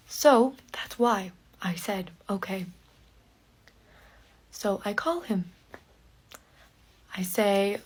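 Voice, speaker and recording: A woman telling a personal story in a slow podcast for learners, in short phrases with pauses and some words whispered. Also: mid-range voice. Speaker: podcast speaker.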